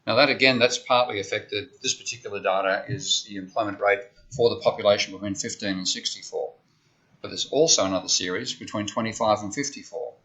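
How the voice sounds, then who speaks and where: Bright-voiced man lecturing. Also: on the low side, steady tone, a little fast. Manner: conversational, explains step by step with frequent "okay?". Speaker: economics lecturer. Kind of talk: university lecture. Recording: dull lo-fi lecture recording.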